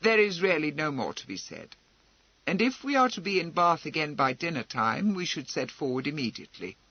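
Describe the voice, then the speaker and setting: A man voicing a proud, composed noblewoman who speaks in a brisk, wry, commanding way, in an audiobook. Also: on the high side, sing-song, slightly rough, dry recording, highs cut off, exaggerated voice.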